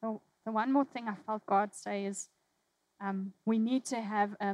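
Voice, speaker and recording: A woman preaching a sermon, telling a personal story with emotion, dropping from loud, urgent lines to hushed ones. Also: mid-range voice, steady tone, a little slow, no room sound, poor audio.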